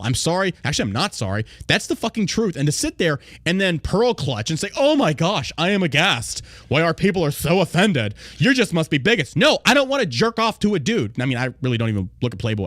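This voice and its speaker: Profane, animated podcast host ranting. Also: male voice, fairly high pitch, dry recording, clean studio sound. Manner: mocking put-on voices when quoting. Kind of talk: casual political podcast chat.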